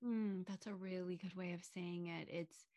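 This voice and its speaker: A woman hosting a conversation, affirming her guest often and asking gentle questions. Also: lowish voice, steady tone, moderate pace, no room sound, clean studio sound. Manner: affirming, frequent "mm-hmm" and "yes". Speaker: host. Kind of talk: interview conversation.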